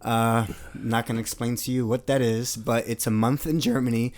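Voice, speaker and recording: A man co-hosting a podcast in loose, casual chat. His pitch sits in the middle range, and he teases playfully and laughs often. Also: flat delivery, moderate pace. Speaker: podcast co-host.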